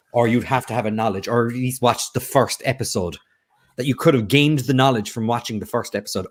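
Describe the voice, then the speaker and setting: A man hosting an online quiz, chatting casually and rambling between jokes. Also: mid-range voice. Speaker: quiz host. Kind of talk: casual livestream chat.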